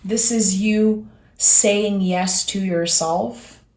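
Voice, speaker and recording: A woman's voice: medium pitch, fairly even intonation, very slow, a little mellow, reverberant. A woman with a French accent giving a tarot reading, speaking earnestly and reassuringly straight to the viewer. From France. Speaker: tarot reader.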